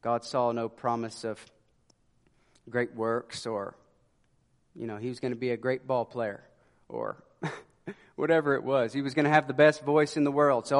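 A man preaching a sermon in an earnest way, dropping to a hush for emphasis. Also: mid-range voice, fairly even intonation, unhurried, long pauses. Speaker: pastor. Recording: long hall reverb.

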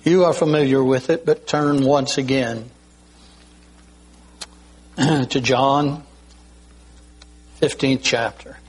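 An older man preaching a sermon slowly and deliberately, often pausing to clear his throat. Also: mid-range voice, poor audio. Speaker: pastor.

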